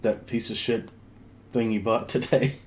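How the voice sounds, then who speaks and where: A man's voice: mid-range voice, steady tone, a little slow, slight background noise. A man co-hosting a live stream, teasing his friend with dry interjections. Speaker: co-host. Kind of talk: casual live-stream chat.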